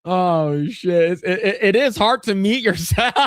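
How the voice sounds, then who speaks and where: A man's voice: sits high, lively intonation, takes it slowly, dry recording, clean studio sound. A man co-hosting a livestream, telling a long story in loose, profane chat full of restarts and stammers. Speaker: podcast co-host.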